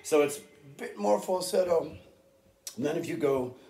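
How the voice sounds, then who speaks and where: A middle-aged man talks through his metal singing technique in a loose, off-the-cuff way. His voice sits a little high for a man and swings about lively in pitch. He is recorded in a band rehearsal room with a roomy echo around him. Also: normal speed, faint music behind. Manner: rambling, informal, with many fillers. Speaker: heavy metal singer explaining technique. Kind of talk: casual unprepared vocal lesson.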